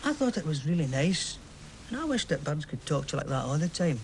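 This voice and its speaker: An actor with a Glaswegian Scottish accent playing a chatty, romantic football fan who tells a story with lively swings into hushed tones. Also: male voice, a little high, brisk, slight background noise. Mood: warm storytelling. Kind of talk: stage play acting.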